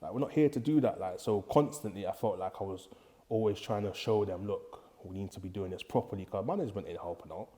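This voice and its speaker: A young man from England with a Bristol accent speaks fast in a lowish, dark-toned voice. As a prison officer guesting on a podcast, he tells stories in casual street slang and acts out the people he quotes.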